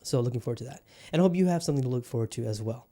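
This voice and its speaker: Swearing podcast host with a put-on Southern drawl. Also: male voice, mid-range voice, lively intonation, rapid-fire, dark tone. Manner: profane, rambling, fired up. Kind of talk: casual solo podcast monologue.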